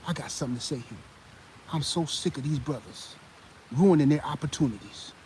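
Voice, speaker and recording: A man's voice: a little high, slight background noise, lightly acted, rough recording. A man doing a preachy male TV pundit. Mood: scolding. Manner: measured and calm, then loud and scolding.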